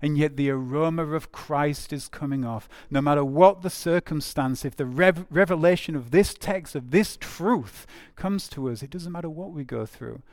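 A man's voice: fairly high pitch, moderate pace, few pauses, a little mellow, no echo, studio quality. A man preaching a sermon in a conversational way, repeating phrases for emphasis with frequent fillers.

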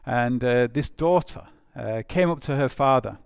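A man delivers a sermon in a gravelly, creaky voice. He talks conversationally, circling back and repeating phrases for emphasis, with plenty of ums and uhs. The recording is dry and close, with no room echo. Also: medium pitch, measured pace. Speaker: preacher.

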